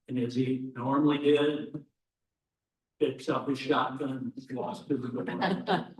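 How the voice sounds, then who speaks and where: A man's voice: mid-range voice, a bit bright. A man telling a folksy joke to close a club banquet, with hesitant ums along the way. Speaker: club member closing an event. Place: event hall. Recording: roomy hall, distant mic.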